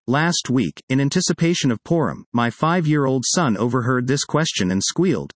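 A man's voice: mid-range voice, big pitch swings, normal speed, no room sound. A man reading a magazine article aloud in a plain read-aloud delivery. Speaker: reader.

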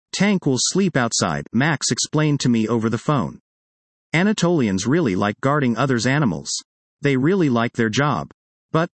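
A man's voice: mid-range voice, no echo. A man reading his personal essay aloud in a wry, conversational way, close to the mic.

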